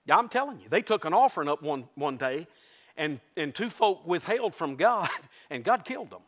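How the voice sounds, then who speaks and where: Fiery high-voiced preacher. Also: male voice, big pitch swings, normal speed, fairly bright tone. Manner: impassioned, joking, repeats and restarts words. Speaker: pastor. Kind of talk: lively Southern revival sermon. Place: church sanctuary before a congregation.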